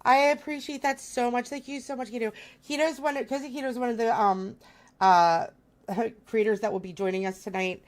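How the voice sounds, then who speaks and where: Woman streamer, slightly high voice, gushing, flustered, casual live chat. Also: steady tone, normal speed. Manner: effusive, flustered, gushing thanks. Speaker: streamer hosting a live roundtable.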